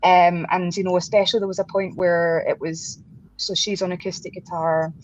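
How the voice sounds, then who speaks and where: A woman's voice: fairly low pitch, flat delivery, moderate pace. Chatty woman on a dull video call. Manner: chatty, laughs often, many restarts and fillers. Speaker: guest musician. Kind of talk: casual interview chat. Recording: dull lo-fi sound with faint background noise.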